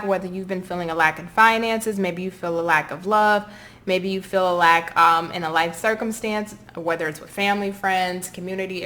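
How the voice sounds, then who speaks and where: A woman's voice: lowish voice, pushed and bright. A woman with a Southern US accent giving a casual, encouraging tarot reading straight to her viewers. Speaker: tarot reader.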